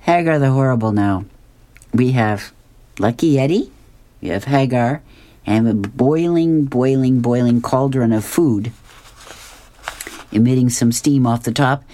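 Slow, very low-voiced woman reading comics. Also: dark tone. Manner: amused, laughs often, acts out characters' lines. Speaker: radio reader of comics. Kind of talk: reading comic strips aloud.

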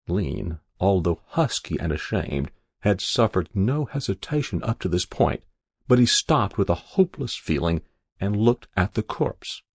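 A man narrating an audiobook in a measured, even storytelling way. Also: lowish voice, gravelly, slightly rough, no room sound, studio quality.

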